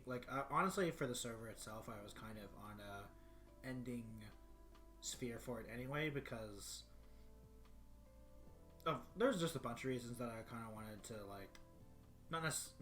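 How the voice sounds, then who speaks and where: Deep-voiced man rambling on stream. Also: a bit bright. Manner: rambling, clears throat often. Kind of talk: casual livestream chat. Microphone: desktop microphone.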